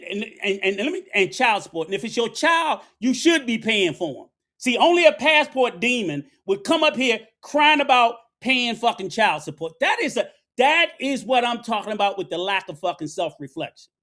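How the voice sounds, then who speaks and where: This middle-aged man's voice sits unusually high and sounds a bit bright. He spends the whole heated, profane commentary rant preaching and scolding.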